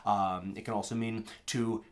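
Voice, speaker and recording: A man's voice: fairly low pitch, level tone, a little slow. An American man from Minnesota giving a casual, rambling language lesson. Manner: chatty, rambling, with fillers and digressions. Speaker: language teacher.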